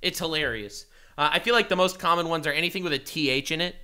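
A man co-hosting a casual video-reaction chat, ranting with animated outbursts and swearing. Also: a little high, quick pace, clear, resonant tone.

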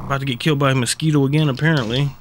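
A man's voice: medium pitch, fairly even intonation, very fast, slight background noise. A man streaming a video game live, commenting casually with frequent swearing and frustrated grumbling.

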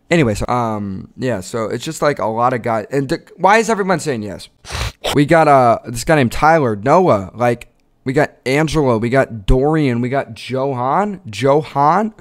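A young man talks straight to his viewers in loose, crude banter full of slang. His voice sits at an ordinary middle pitch and keeps jumping into hyped, yelling bursts. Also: animated, moderate pace. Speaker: content creator. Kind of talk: casual vlog commentary.

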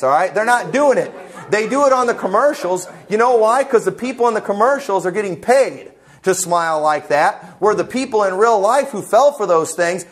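A man pastor preaching a sermon in church, emphatic and conversational, full of rhetorical questions. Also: high-pitched.

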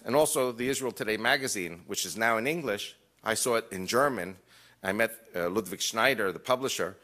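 A man's voice: lowish voice, brisk, pushed and bright. A man speaking to a live audience, telling personal stories with jokey asides and acting out quoted dialogue. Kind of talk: lecture storytelling.

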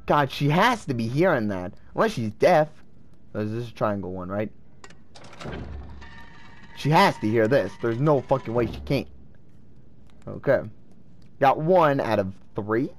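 Excitable young-sounding gamer guy. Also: mid-range voice, unhurried, long pauses. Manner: excitable, swearing, talks to himself. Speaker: let's play gamer. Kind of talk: casual gameplay commentary.

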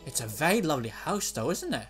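A man's voice: on the high side, very animated, quick pace, fairly bright tone, faint music behind. A man giving joking, exclamatory commentary while playing a video game. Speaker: let's play gamer. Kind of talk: casual gameplay commentary.

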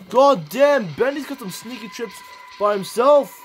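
A man giving excited play-by-play commentary on a wrestling match, swinging from calm description to shouting. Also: very high voice, a little slow, faint music behind.

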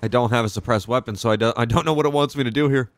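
A young man casually commenting as he plays a video game, excitable and profane, reacting out loud to the action. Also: mid-range voice, racing, no room sound. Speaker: gaming channel host. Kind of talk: casual let's-play commentary.

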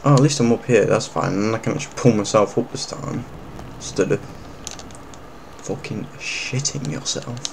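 A man commentating while playing a video game, swearing and yelling at it. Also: mid-range voice, normal speed, vocal fry, background noise. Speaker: gamer. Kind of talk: let's play commentary.

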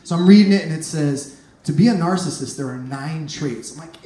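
A man performing a stand-up comedy set on a club stage, telling animated stories and shouting punchlines. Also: fairly high pitch, fairly quick. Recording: echoey room, noisy club.

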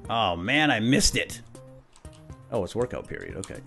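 A man's voice: lowish voice, very animated, moderate pace, creaky, pushed and bright. A man hosting a video game let's play, casually commenting and playfully bantering with the characters. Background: game music.

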